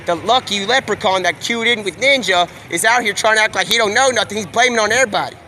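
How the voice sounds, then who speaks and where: A man livestreaming, talking in a rambling, slangy, excitable stream of thought. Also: high voice, quick pace, a little hiss or hum. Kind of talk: rambling live-stream monologue.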